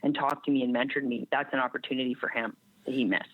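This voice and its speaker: A woman's voice: rumbling low, steady tone, fast talker, no room sound. Woman, from Canada, strength coach, plain-spoken storytelling, dry tinny remote line. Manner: candid, plain-spoken, reflective. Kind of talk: storytelling in a podcast interview.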